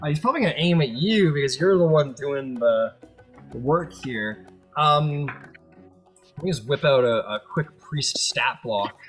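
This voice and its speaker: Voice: mid-range voice, expressive, a little slow, faint music behind. A game master narrating a tabletop game loosely, thinking aloud and losing count.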